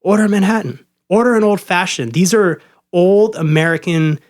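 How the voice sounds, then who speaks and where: A man's voice: high-pitched, lively intonation, moderate pace. A man co-hosting a podcast, a bartender ranting casually and profanely about what customers order.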